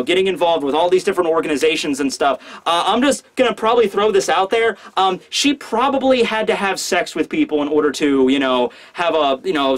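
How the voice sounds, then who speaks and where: High-voiced man rambling through a manga review. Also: a bit bright. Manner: rambling, acts out characters in quick voices. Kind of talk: casual commentary.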